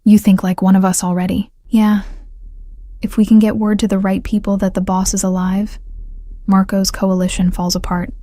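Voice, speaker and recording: A woman reading the lines of a rough, hulking male mafia enforcer, terse and gruff. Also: medium pitch, flat delivery, normal speed, mellow, dry recording, lightly acted.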